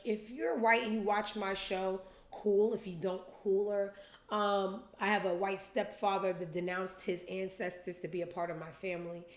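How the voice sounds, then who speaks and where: Animated woman telling a profane story. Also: mid-range voice. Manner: animated, profane, acts out quotes in different voices. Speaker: podcast host. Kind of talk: casual storytelling monologue. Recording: roomy echo.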